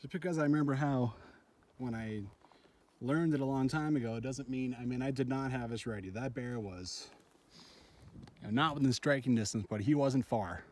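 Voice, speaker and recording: A middle-aged man films a trail vlog on a solo backpacking trip, speaking at normal speed in a medium, slightly mellow voice outdoors on a mountain trail. Shaken and breathless, he swears and rambles while recounting his run-in with a bear.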